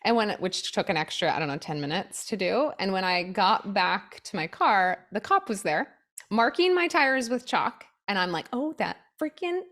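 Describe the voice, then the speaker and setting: A woman of medium pitch, speaking at normal speed, tells stories with animation as a podcast co-host. The talk is a casual chat, and she acts out the quotes.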